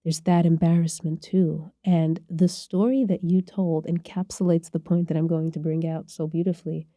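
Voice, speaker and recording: A woman therapist speaks on a podcast in a reflective, explanatory way, often restarting her words as she builds a point. Her voice is very dark and mellow and sits slightly low for a woman. The sound is dry and close. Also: steady tone, normal speed, dry recording. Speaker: therapist guest. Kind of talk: podcast conversation.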